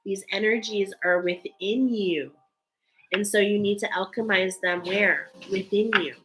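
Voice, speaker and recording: A woman's voice: medium pitch, measured pace, a bit bright, a little hiss or hum, poor audio. A woman giving a spiritual card reading in an earnest, emotional way, reading card texts aloud between loose, filler-filled remarks. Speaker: tarot card reader.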